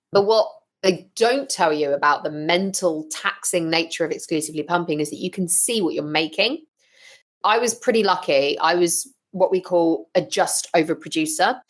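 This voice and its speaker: Woman, kinda low voice, chatty blunt podcast guest, swears casually. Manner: frank, animated storytelling with blunt swearing. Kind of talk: casual interview chat.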